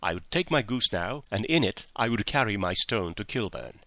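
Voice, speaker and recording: A man's voice: on the low side, expressive, moderate pace, bright, forceful tone, no echo. A man reading an audiobook, voicing a terrified young male jewel thief who pleads frantically and shrilly. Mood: nervous confession.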